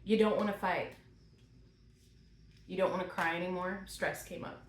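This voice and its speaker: A woman's voice: fairly low pitch, fairly even intonation, moderate pace. Woman doing a pleading tarot reading. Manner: asks questions aloud, pleads and exclaims. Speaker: tarot reader. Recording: roomy with faint noise.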